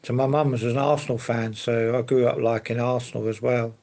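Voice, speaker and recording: A man's voice: mid-range voice, flat delivery, a little fast, a little mellow. A man chatting casually on a live stream, answering viewers in an easygoing, rambling way. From London. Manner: easygoing, rambling, fillers and hedges like to be honest.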